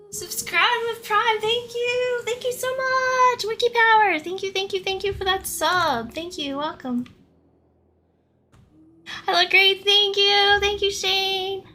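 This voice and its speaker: Young female streamer, casual and giggly; high, bright voice over quiet music. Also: slow pace. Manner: giggly, chatty, thanks viewers. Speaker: livestreamer. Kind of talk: casual live-stream chat.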